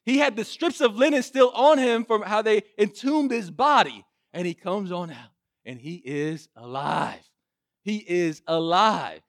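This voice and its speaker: A male preacher with a high voice tells a scripture story in an animated way, his pitch swinging widely. The sound is dry and close, with no room echo. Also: a little slow. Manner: animated retelling, frequent restarts. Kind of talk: sermon storytelling.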